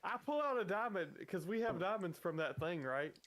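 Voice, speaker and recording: A man's voice: high-pitched, expressive, normal speed, fairly bright tone. A man playing in a tabletop game, wisecracking and describing his actions. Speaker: player. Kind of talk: casual tabletop play.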